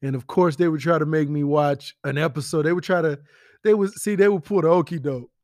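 A man telling stories about a late friend in a casual, animated way, with slang and whispered asides. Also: on the high side, fairly quick, no echo, clean studio sound. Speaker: friend giving a spoken tribute. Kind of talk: casual storytelling.

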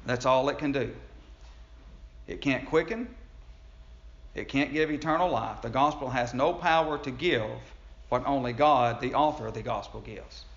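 A man preaching a sermon in a folksy, conversational way, chuckling and restarting his sentences. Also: medium pitch. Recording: echoey room, dull lo-fi sound.

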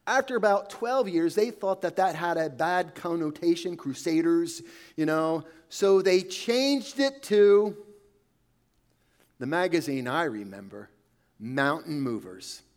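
A man preaching a sermon, telling a story in a conversational way that often sinks to a soft hush. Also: fairly high pitch, expressive, slow pace.

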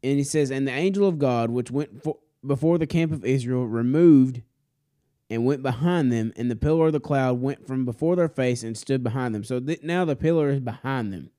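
Male Sunday school teacher, warm low timbre, casual scripture reading with asides. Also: normal speed. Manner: casual asides, self-correcting, folksy.

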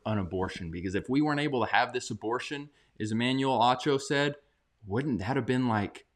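A man's voice: fairly low pitch, fairly quick. A man co-hosting a casual talk show, commenting in a heated, sarcastic way that rises when he gets worked up. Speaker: podcast co-host.

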